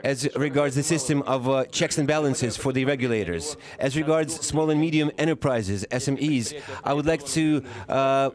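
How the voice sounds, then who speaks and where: A man giving a live interpretation of a formal speech, halting and often pausing to correct himself. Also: mid-range voice, a crowd in the background. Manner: halting, with frequent pauses and self-corrections. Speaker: simultaneous interpreter.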